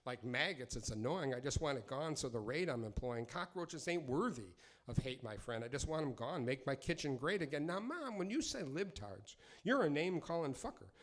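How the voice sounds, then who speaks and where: A man's voice: medium pitch, very animated, moderate pace. A middle-aged man performing live, chatting loosely between pieces and delivering rhyming, profane, sardonic spoken word in a driving rhythm.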